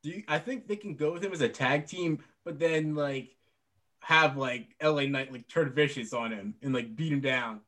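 Brief: male co-host, a touch higher-pitched, chatty and rambling. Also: normal speed, fairly bright tone. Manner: rambling, heavy filler words, laughs often. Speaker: podcast co-host. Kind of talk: casual wrestling chat.

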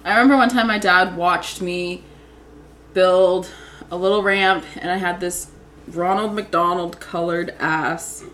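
A woman's voice: on the low side, steady tone, measured pace, a bit bright, a little hiss or hum. A young woman telling childhood stories in casual chat, rambling and giggling, with lots of "like".

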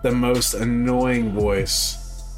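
A man's voice: mid-range voice, steady tone, extremely slow, faint music behind. A young man co-hosting a podcast, chatting casually in a laid-back, slangy way. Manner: laid-back, slangy, sings snatches of old theme songs. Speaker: podcast co-host. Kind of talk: casual chat.

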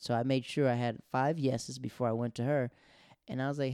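Gravelly-voiced chatty comedian. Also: male voice, medium pitch, steady tone, quick pace, a little mellow, no room sound, studio quality. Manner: chatty, full of "like" fillers. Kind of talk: casual comedic storytelling.

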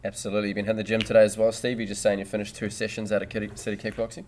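A man's voice: lowish voice, flat delivery, very fast, darkish tone, a little hiss or hum. A man hosting a casual podcast, boisterous and joking, swearing freely as he chats with his co-hosts. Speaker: podcast host.

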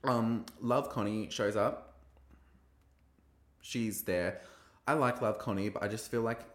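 A man hosting a podcast, recapping a TV episode in a gossipy, animated way and acting out quoted lines. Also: lowish voice, takes it slowly, roomy sound. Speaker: podcast host reviewing a TV episode. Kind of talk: casual recap chat.

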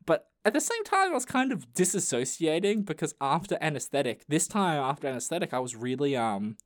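A man's voice: a little high, big pitch swings, fairly quick. Young aussie guy on a podcast, swears a lot, jokey and loose, keeps restarting his sentences. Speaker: podcast host. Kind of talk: casual storytelling chat.

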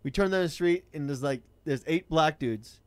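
A man's voice: fairly high pitch, moderate pace, clear, resonant tone, no echo. A man, telling a rideshare-driving story in blunt, profane casual chat.

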